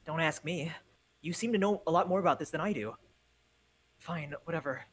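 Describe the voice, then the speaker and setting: A man's voice: on the high side, normal speed. A man co-hosting a game stream over a voice call, reading lines with exasperated energy and laughing easily. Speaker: co-host reading game dialogue. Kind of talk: casual live-stream play-through. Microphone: headset over voice call.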